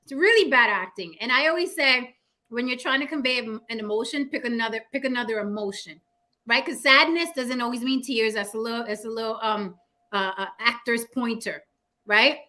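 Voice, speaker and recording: Host, woman; bright, slightly high voice, animated casual talker. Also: a little fast. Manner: animated, acts out fake crying in high squeals. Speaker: podcast host. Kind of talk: casual chat.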